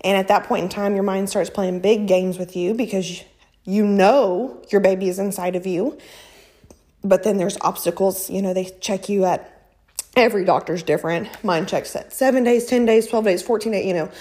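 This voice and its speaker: Lady in her 30s telling her story, gets lively acting out quotes. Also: medium pitch, moderate pace. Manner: animated, quotes people in raised voices. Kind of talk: casual storytelling.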